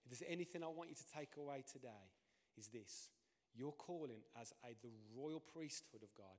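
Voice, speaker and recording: A man preaching a sermon as pastor, animated, his voice climbing and dropping in pitch and loudness. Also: moderate pace. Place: church. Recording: long reverb of a church hall.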